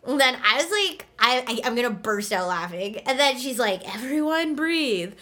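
A woman with a bright, ringing voice, pitched a little above most, chatting casually as a podcast co-host. She tells stories with lots of energy, acting out what people said and laughing along the way. It sounds like she's talking from home. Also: normal speed. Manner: animated storyteller, acts out quotes, laughs often. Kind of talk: casual chat.

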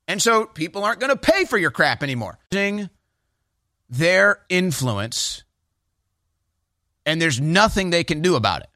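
Bright, sarcastic male talk show host. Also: on the high side, big pitch swings, measured pace, pauses often, no echo, clean studio sound. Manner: mocking, sarcastic mimicry. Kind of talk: opinionated commentary.

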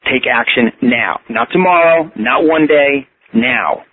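Motivational speaker, man, New York accent, husky and emphatic, heard over a phone line. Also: medium pitch, slow. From Yonkers, New York. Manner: emphatic, repetitive, spells out words. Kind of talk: motivational talk on a radio show. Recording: phone-line call-in audio.

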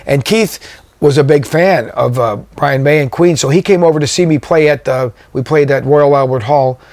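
A man's voice: fairly high pitch, normal speed, a little mellow, dry recording. Rambling man telling road stories. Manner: rambling, many fillers and restarts. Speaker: guest drummer. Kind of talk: casual storytelling interview.

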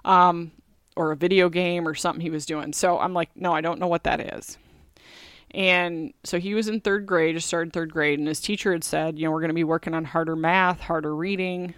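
A woman's voice: fairly low pitch, fairly even intonation, brisk, a bit bright, smooth, no echo, clean studio sound. A middle-aged woman hosting a podcast, talking in a chatty, candid way with many fillers. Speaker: podcast host. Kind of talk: casual solo podcast talk.

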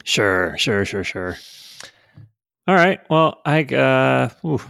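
A man's voice: mid-range voice, big pitch swings, takes it slowly, vocal fry, a bit bright, smooth, no room sound. A man running a casual livestream, chatting and cracking dry, teasing jokes with friends. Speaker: streamer, co-host.

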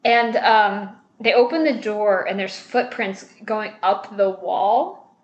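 A young woman speaks slowly in a mid-range voice, animatedly retelling a movie scene by scene during a casual chat, quoting characters, cursing and laughing. The recording is muffled with a roomy sound.

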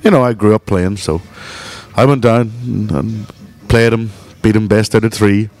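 A man's voice: on the low side, fairly even intonation, moderate pace, darkish tone. A man, a bar co-owner, telling profane stories in casual chat and laughing as he goes. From Northern Ireland. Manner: profane storyteller, laughs mid-story.

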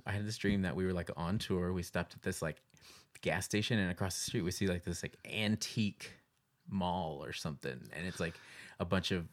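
A man in casual chat, telling a story in an animated way and acting out the lines of people in it. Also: deep voice, a little fast. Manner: animated, laughing, acts out quotes with yells.

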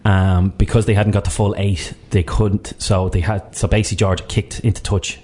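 A man co-hosting a sports radio show, chatting in a fast, rambling, jokey way. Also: fairly low pitch, level tone, dark tone, husky. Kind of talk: casual sports radio chat.

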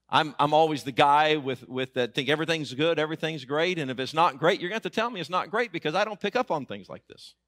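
A middle-aged man preaches, his somewhat high voice leaping up and down as he builds humorous stories with emphatic punch. The sound is close and dry, without room echo. He talks like a storyteller winning over a crowd. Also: a bit bright. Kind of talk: storytelling sermon. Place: auditorium.

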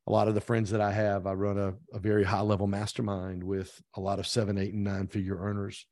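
A middle-aged man recounts a story in a relaxed interview, acting out each bit of quoted dialogue. His voice sits on the low side and sounds close and dry. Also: fast, dry recording. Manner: animated storyteller who acts out quoted dialogue. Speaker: podcast guest, real estate team owner.

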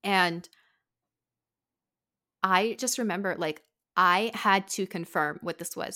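A woman hosting a podcast, telling a story in casual chat, animated, swearing and saying "like" a lot. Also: mid-range voice, takes it slowly, pauses often. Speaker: podcast host.

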